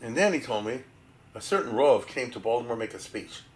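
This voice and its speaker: A rabbi delivers a conversational history lecture at a fairly quick clip, his intonation lively. He keeps checking in with "right?" and "you follow?", drops Hebrew and Yiddish terms freely, and acts out quotes with big leaps in pitch.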